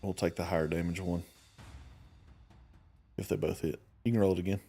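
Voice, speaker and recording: A man's voice: low-pitched, level tone, a little fast, creaky, warm tone, husky, soft background music. A man narrating combat and scenes as game master of a tabletop game.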